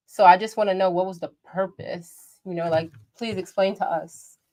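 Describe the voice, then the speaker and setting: A woman's voice: lowish voice, fairly even intonation, moderate pace, darkish tone. A woman hosting a livestream, reacting to a video with brash, profane and theatrical outrage. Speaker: livestream commentary host.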